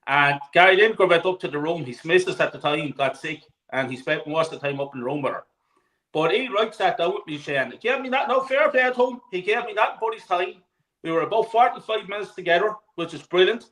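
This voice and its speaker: Irish man, high and bright voice, animated football host, swears freely, on a video call. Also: brisk, poor audio. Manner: animated, swears freely, laughs mid-story. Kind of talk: casual chat, storytelling.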